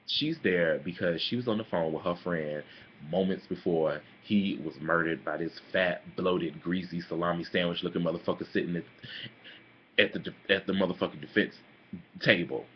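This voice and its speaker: Sassy deep-voiced young man vlogging. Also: moderate pace, dull audio, slight background noise. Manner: sassy, animated, calls listeners honey and girl. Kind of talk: casual opinion vlog.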